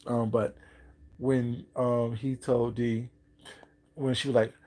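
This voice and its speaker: A man's voice: medium pitch, flat delivery, slow pace, dark tone. A man hosting a casual livestream, chatting to viewers while he eats and often laughing. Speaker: livestream host. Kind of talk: casual live chat while eating.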